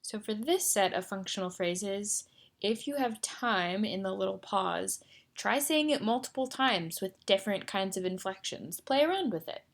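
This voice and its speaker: A young woman working as a speech therapy instructor leads a guided voice exercise lesson. Her medium-pitched, expressive voice gives clear, deliberate and encouraging instructions.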